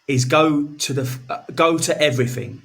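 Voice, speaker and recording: A man's voice: a little high, moderate pace, vocal fry, fairly bright tone. A man with a slightly raised voice, talking animatedly on a casual podcast. He encourages his friend, swears a lot and keeps saying "mate.". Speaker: podcast co-host.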